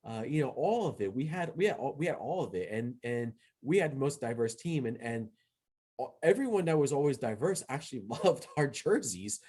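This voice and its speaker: A man's voice: medium pitch, lively intonation, fairly quick, a little mellow, husky. Podcast host, young man, mid-range voice, chatty and rambling, slips into quoted dialogue when retelling. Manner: rambling, many fillers and restarts. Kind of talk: casual solo movie review.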